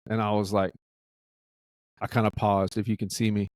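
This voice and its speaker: A man's voice: fairly low pitch, little pitch movement, normal speed, darkish tone, no room sound, clean studio sound. A man co-hosting a podcast, chatting casually, joking and teasing. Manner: joking, teasing, throws in mock voices. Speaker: podcast co-host.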